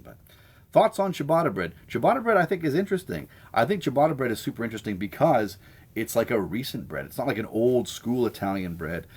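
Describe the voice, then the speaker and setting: Low-voiced chatty man. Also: a little mellow. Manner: chatty, opinionated and enthusiastic about food. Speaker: host of a live sandwich stream. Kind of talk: casual live-stream chat answering viewer comments.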